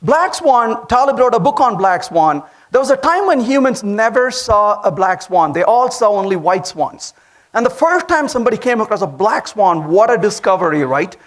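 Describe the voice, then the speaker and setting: A man with an Indian accent giving a lively conference talk, telling stories and asking the audience questions. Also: sits high, normal speed. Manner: animated storytelling, asks the audience questions. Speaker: conference speaker. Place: conference hall.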